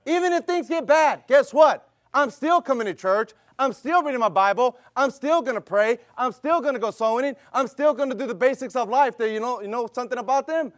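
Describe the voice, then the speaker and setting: A man's voice: very high-pitched, a little fast, hardly any pauses, no echo, studio quality. A middle-aged man preaching a sermon with a fervent, repetitive cadence and rhetorical questions, mixing exhortation with a personal story. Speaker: pastor.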